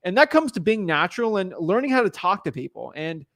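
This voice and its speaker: A young man coaching viewers in a casual, energetic talk, often repeating a word as he starts a sentence. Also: sits high, fairly quick, no room sound, clean studio sound. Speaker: real estate coach. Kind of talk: casual training talk to camera.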